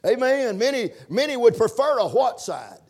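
A man preaching a sermon, punctuating his points with amens and building to shouted emphasis. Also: very high-pitched, very animated, normal speed, breathy edge. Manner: preaching with call-and-response amens, rising to shouts. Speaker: pastor.

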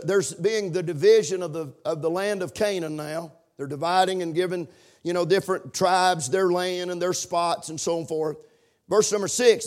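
A man with a very high voice delivers a sermon from scripture, lingering on single words for emphasis. He repeats his phrases and climbs into shouted declarations. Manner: slows down to stress single words. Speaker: pastor.

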